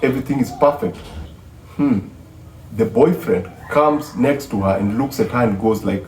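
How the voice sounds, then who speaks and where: A man retelling a film plot in a casual, animated way, acting out the characters' dialogue. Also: mid-range voice, normal speed, a little hiss or hum. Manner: animated storyteller who acts out the dialogue. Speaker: film reviewer. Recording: roomy, distant mic, faint ambience.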